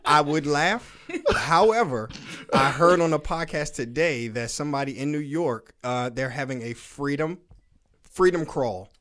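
A man's voice: a little high, measured pace, a bit bright. A man hosting a casual podcast, hyped and slangy, laughing often as he chats with guests. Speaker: podcast host.

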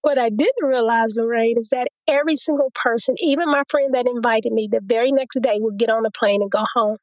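A woman's voice: fairly high pitch, a little fast, no room sound, lo-fi sound. A woman guest in an interview, telling a personal testimony and acting out what others said to her. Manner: storytelling, quotes others in a lively retelling.

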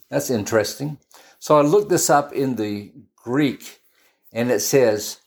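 Brief: male preacher, mid-pitched, conversational Bible teaching full of asides and restarts. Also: animated, a little slow, creaky. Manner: chatty and storytelling, with frequent restarts and asides.

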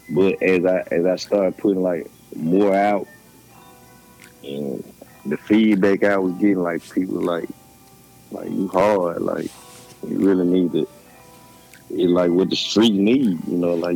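A young man with a Memphis Southern accent answering interview questions in a halting, laid-back way, full of fillers and restarts. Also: sits low, creaky, warm tone, slightly rough, rough recording. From Memphis, Tennessee. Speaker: rapper guest.

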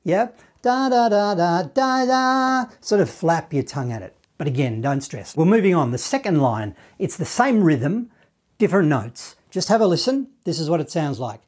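A man teaching a saxophone lesson, walking through the notes in a relaxed, encouraging way and scatting the phrases. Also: fairly high pitch, normal speed, husky. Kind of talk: online music lesson.

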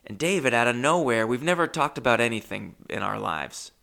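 A man's voice: mid-range voice, lively intonation, fairly quick, creaky. A young man hosting a podcast, telling a rambling, self-deprecating story in a casual monologue. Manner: rambling, self-deprecating, jumps between loud and muttered asides. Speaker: podcast host.

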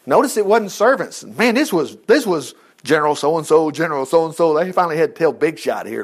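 Animated folksy preacher man. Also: a little high, brisk. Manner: folksy, animated, asides and rhetorical questions. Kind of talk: informal Bible storytelling sermon.

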